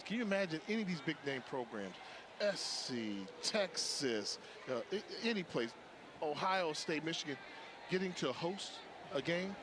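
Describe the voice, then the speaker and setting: A man offers color analysis on a football broadcast, talking in a relaxed, storytelling way. His voice sits somewhat high. Steady noise runs under the broadcast audio. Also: normal speed. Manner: conversational, storytelling.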